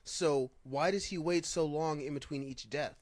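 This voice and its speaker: A man with a somewhat high voice talks in a relaxed group conversation. He questions claims skeptically and works through his reasoning aloud. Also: normal speed, dry recording. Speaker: podcast co-host and former wrestler. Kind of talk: casual group discussion.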